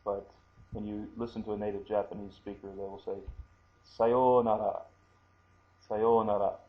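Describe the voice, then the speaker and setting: A man teaching a language lesson, talking slowly and haltingly with many fillers and repeating words for pronunciation. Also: lowish voice, monotone, narrow, tinny audio. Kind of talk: screen-recorded language lesson.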